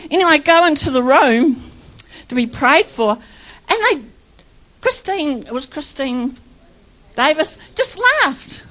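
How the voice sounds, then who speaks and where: A woman's voice: high voice, animated, a little slow, long pauses, fairly bright tone, rough recording. An older woman sharing her personal faith testimony in a fervent, chatty way, laughing often and acting out quotes as she tells her story. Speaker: church member sharing testimony.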